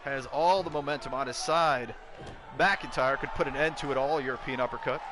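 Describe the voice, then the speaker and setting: A man commentating a wrestling video game play-by-play, excitable, breaking into shouts at big moves. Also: medium pitch, fairly quick, crowd noise, noisy background.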